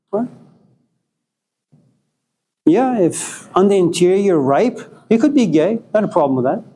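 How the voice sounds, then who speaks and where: A man's voice: on the high side, mellow. A man giving an informal spiritual lecture to a live audience, joking and telling stories in a loose, conversational way.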